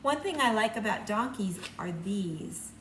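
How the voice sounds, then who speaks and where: An older woman teacher reading a picture book aloud to young children and showing the signs, in a slow, sing-song storytime voice. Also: medium pitch, expressive, slight background noise. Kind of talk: read-aloud lesson with sign language for children. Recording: echoey room, mic at a distance, faint ambience.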